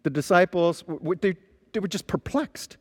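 A man preaching a sermon, telling stories with lively emphasis as a pastor. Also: sits high, moderate pace, slightly rough, long reverb tail. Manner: animated storytelling preacher.

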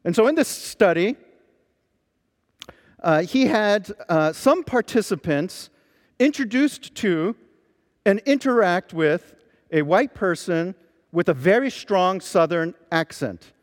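A man preaching a sermon, telling stories with lively emphasis as a pastor. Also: high-pitched, long reverb tail. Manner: animated storytelling preacher.

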